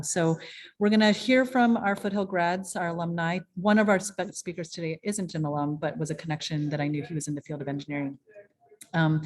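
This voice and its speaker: A woman's voice: on the low side, a little mellow. A woman moderating an online panel over a video call, chatty with many ums and restarts.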